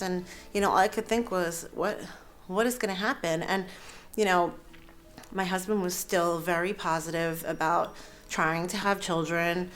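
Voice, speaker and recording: A woman in her thirties speaking in a lower-than-usual register, telling her own story with candid, unpolished earnestness. She pauses often, fills gaps with soft "ums", and laughs lightly now and then as she talks. Faint music plays quietly underneath. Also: steady tone. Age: 30s. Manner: earnest, halting, with frequent fillers and soft laughs. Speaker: interviewee sharing a personal story. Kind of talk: candid personal testimony.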